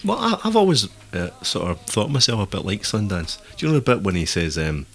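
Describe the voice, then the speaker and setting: A man's voice: on the low side, huge pitch swings, a little fast, creaky, faint music behind. A man co-hosting a podcast, telling rambling stories with dry teasing in casual banter. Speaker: podcast co-host.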